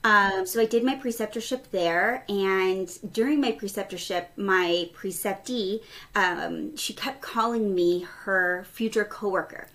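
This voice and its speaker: Bright, animated woman telling a story. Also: mid-range voice, measured pace. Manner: animated, acts out quoted dialogue. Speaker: pediatric ICU nurse, guest. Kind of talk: casual storytelling interview.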